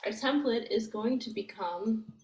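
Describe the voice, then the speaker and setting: A woman's voice: a little high, measured pace, a little mellow. A woman teaching language grammar, explaining step by step in a patient way and thinking aloud with many fillers. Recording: echoey room with faint noise.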